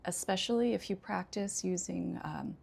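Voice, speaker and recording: American lady esl teacher, husky low voice, lots of ums, chill explaining. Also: darkish tone. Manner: unhurried, many 'um' pauses, demonstrates intonation examples. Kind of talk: casual instructional talk.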